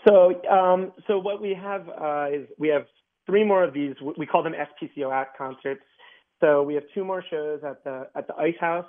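A man speaking as an orchestra guest in a casual radio interview, chatty, with many fillers and restarts. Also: on the high side. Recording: tinny phone-like line.

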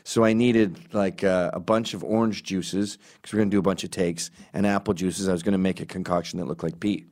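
A middle-aged man telling comic stories in a rambling, self-correcting way, squeaking up for quoted voices. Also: steady tone, brisk, a little mellow. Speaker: comedian. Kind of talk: casual storytelling monologue.

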